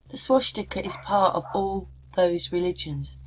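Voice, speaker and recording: A woman vlogger offers casual, meandering commentary over maps, chatting away and often asking viewers what they think. Her medium-pitched voice is expressive, darkish, and breathy at the edges, moving at a moderate pace with hardly any pauses over soft background music.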